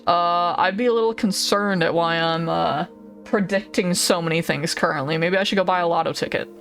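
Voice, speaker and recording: A woman with a lowish, slightly bright voice streams a game, casually chatting with viewers, laughing often and swearing freely. Faint music plays in the background of this live-stream chat.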